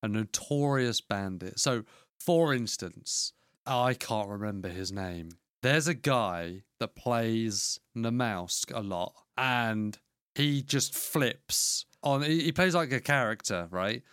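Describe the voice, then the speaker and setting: A man's voice: medium pitch, lively intonation, slow, fairly bright tone, clean tone, dry recording, clean studio sound. A man co-hosting a podcast, chatting casually and swearing freely. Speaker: podcast co-host. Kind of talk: casual podcast chat about survival games.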